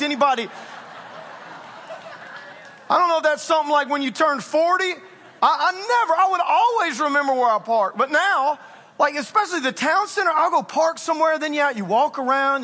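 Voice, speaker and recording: A pastor in his forties preaching a sermon, telling self-mocking stories in an animated way. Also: very high voice. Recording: long reverb of a large church hall.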